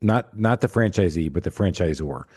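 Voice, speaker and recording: A man's voice: low voice, expressive, moderate pace, darkish tone, husky, dry recording, studio quality. A man hosting a podcast interview, joking around playfully between questions. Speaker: podcast host.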